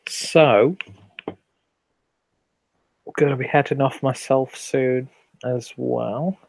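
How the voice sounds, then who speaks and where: English male streamer, casual and sweary, mid-pitched, dry close mic. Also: takes it slowly, gravelly, dry recording, low-quality recording. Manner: relaxed, rambling, sweary, reads viewer comments aloud. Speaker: host of a live beer review stream. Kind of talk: casual late-night live stream chat.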